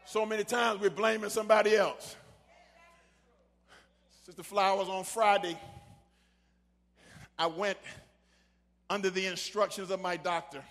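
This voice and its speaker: A man preaching a sermon, shouting his points and then dropping low to tell a personal story in a casual, conversational way. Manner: shouting preacher who drops to a quiet storytelling voice. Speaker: pastor. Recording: long hall reverb.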